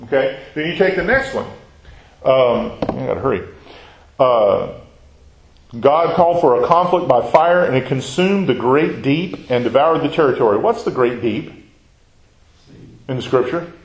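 A man at a mid pitch leads a Bible class, reading scripture passages aloud and then breaking them down in plain, conversational talk. He keeps checking in with the group, asking questions and tossing in a "right?" as he goes. The room around him is roomy and echoey. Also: animated, a little slow, long pauses.

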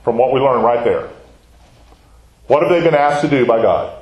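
A man's voice: mid-range voice, moderate pace, darkish tone, highs cut off. A man teaching a Bible study, talking conversationally and putting questions to the class. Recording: echoey room.

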